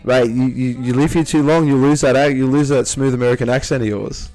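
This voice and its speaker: A man's voice: mid-range voice, fairly even intonation, fairly quick, warm tone. Man, livestream host, enthusiastic, stumbling restarts, says mate a lot, faint music behind. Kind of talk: casual interview chat over beers.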